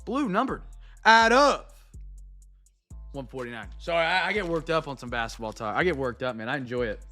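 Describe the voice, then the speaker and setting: A young man hosting a live card break, chatting to viewers and going off on excitable, rambling sports rants. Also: a little high, fairly quick, faint music behind.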